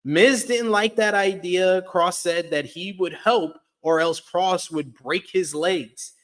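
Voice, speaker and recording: A man's voice: sits high, slow pace, fairly bright tone. A man co-hosting a casual review show, recapping events in a conversational way. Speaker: podcast co-host. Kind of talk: casual wrestling review chat.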